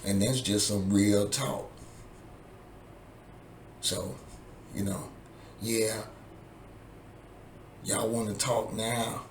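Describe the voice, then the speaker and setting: A man's voice: fairly low pitch, fairly even intonation, extremely slow, long pauses, a little hiss or hum. A man in a vlog, delivering an angry, profane political rant that keeps circling back to the same points. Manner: profane, heated, repetitive. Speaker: vlogger. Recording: echoey room with faint ambience.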